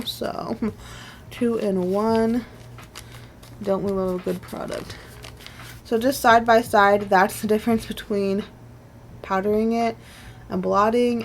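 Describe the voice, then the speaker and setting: A woman in her twenties talks through her makeup at home in a loose, rambling way, full of fillers and small laughs. Her voice sits at an ordinary middle pitch. A faint hiss runs underneath. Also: vocal fry. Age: 20s. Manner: chatty and rambling, many "like"s and soft laughs. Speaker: beauty vlogger. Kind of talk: casual makeup wear-test chat.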